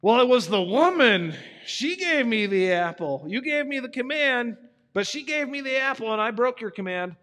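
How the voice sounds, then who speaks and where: Man voicing blame-shifting first man, defensive, high bright voice. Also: animated, moderate pace, long reverb tail. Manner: excuse-making.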